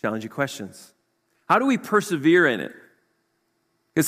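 Male pastor, fifties, lively conversational sermon delivery, a touch high-pitched, echoing sanctuary sound. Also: normal speed, long pauses. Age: 50s. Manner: energetic, conversational preaching with frequent "okay?" check-ins. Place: church sanctuary. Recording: long hall reverb.

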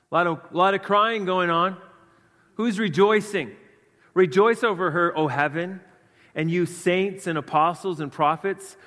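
A man preaching a sermon with earnest emphasis, swinging between loud stresses and quiet asides. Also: on the high side. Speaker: pastor. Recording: long hall reverb.

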